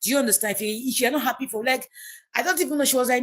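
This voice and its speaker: A woman's voice: sits high, racing. A woman, hosting a livestream and emotionally retelling a personal story to her viewers, with many repeats and restarts. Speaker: livestream host.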